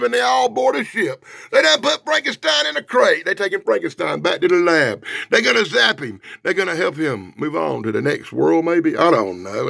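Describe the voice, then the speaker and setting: Loud, mocking male comic reviewer with a gravelly voice. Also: high-pitched, no room sound, studio quality. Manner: loud, mocking, excitable, swings between shouting and muttering. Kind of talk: casual, rowdy comic review.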